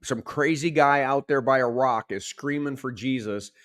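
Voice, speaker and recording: Male pastor, lively sermon delivery, mid-pitched voice, dramatizes quotes. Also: normal speed. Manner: animated preaching, acts out shouted quotes.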